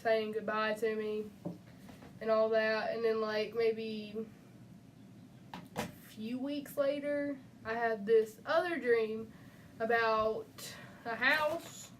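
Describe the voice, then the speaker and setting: A young woman hosting, slowly recounting a dream in a halting way. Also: a little high, steady tone. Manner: slow, halting, with fillers like "and all that". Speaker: channel host. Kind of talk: casual chat, telling a dream. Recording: faint noise, voice from a distance.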